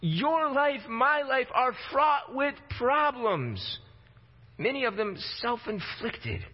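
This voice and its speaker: A man's voice: extremely high pitch, very animated, slow. A man preaching a sermon in a conversational way, acting out quotes in a casual voice. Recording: dull lo-fi sound with long hall reverb.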